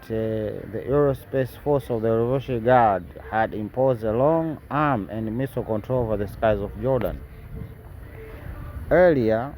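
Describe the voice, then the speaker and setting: A man reads news reports in a dark, mellow voice and keeps cutting in with sarcastic asides and tag questions. He stumbles and restarts often, and a faint hum of traffic sits behind him. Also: mid-range voice, poor audio. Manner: halting, with many fillers and restarts. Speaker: news commentator. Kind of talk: reading news and commenting.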